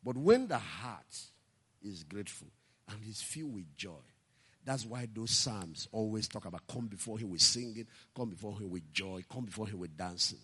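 A man preaching a sermon with a bright, husky voice that rings out in a large hall with long reverb. He tells stories as he goes and rises to impassioned, loud delivery. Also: on the low side, expressive, normal speed. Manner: storytelling preacher, rising to impassioned shouting. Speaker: pastor.

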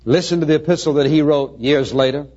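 A man's voice: on the high side, quick pace. Man preaching a dramatic sermon, lo-fi. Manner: dramatic swings between soft and emphatic. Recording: dull lo-fi recording.

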